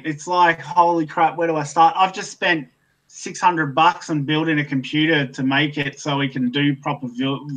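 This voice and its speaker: An Australian man with a bright, forward tone talks loosely over a video call. He rambles and fills gaps with ums. He puts himself down with an easygoing shrug. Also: a little high, low-quality recording. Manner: self-deprecating, rambling with many fillers. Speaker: guest YouTuber. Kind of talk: casual chat.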